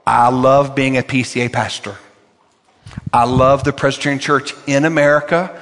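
Emphatic older pastor preaching in a reverberant sanctuary. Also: male voice, mid-range voice, little pitch movement, normal speed, a bit bright. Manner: emphatic, repeats key words for effect. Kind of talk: sermon.

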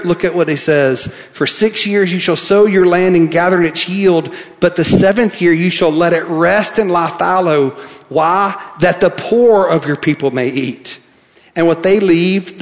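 A pastor preaching a sermon, reading scripture aloud and swinging from soft, quiet lines to emphatic ones. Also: male voice, a little high. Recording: long hall reverb.

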